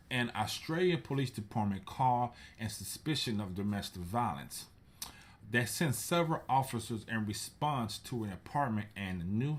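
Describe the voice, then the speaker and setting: Chill slangy dude telling funny news stories, lowish voice. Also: male voice. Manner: laid-back slangy storytelling. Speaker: show host. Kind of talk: casual news commentary vlog.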